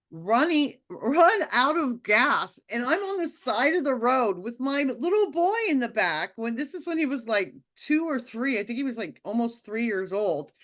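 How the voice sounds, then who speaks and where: A woman casually telling a personal spiritual story, animated and acting out the quotes, often laughing. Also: on the high side. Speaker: podcast guest telling a testimony.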